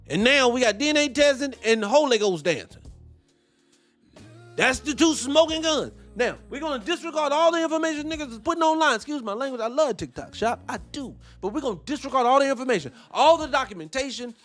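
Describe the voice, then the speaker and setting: A man hosting a show, reacting to a debate clip with animated, profane commentary and rhetorical questions. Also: very high-pitched, fairly quick, faint music behind. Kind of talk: heated commentary.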